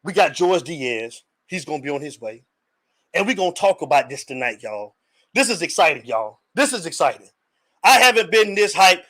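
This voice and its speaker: A man hosting a live sports call-in show, talking in an energetic, slangy, hyped-up way and calling out viewers by name. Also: a little high, normal speed, low-quality recording. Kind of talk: hyped casual live-stream talk.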